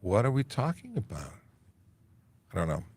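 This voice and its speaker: Reading viewer comments aloud on a casual livestream Q&A, a Canadian police constable jokes around with lots of fillers. His lowish, darkish, husky voice swoops wildly in pitch at normal speed, and there's no echo.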